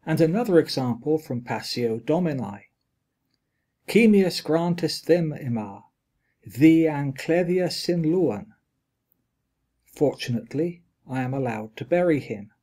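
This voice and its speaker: A man reading a linguistics lecture aloud, with a deliberate, measured delivery of quoted examples and their glosses. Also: on the high side, lively intonation, warm tone.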